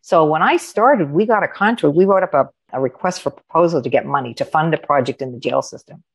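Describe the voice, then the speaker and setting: Female coach guest, middle-aged, low gravelly voice, animated storyteller who voices other people in her anecdotes. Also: brisk. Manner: animated, acts out quoted dialogue. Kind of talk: conversational storytelling.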